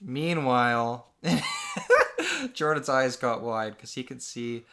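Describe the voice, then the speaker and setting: A man's voice: medium pitch, unhurried, a bit bright. A young man reading aloud his own childhood comic book in casual chat, amused and laughing often.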